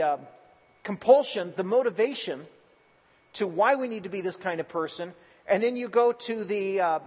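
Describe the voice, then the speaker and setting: A man's voice: high voice, breathy edge. A male pastor preaching a sermon in a church, earnest and emphatic, often restarting his words. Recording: dull lo-fi recording with long hall reverb.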